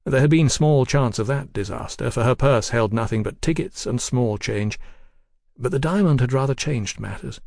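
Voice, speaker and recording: A man reading a novel aloud as narrator in a measured storytelling style. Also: medium pitch, expressive, creaky, darkish tone, no room sound, studio quality. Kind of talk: audiobook narration.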